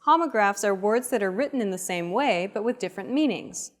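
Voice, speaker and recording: A woman giving scripted explanations in a language lesson, in a plain, even tone. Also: medium pitch, a little fast. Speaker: narrator.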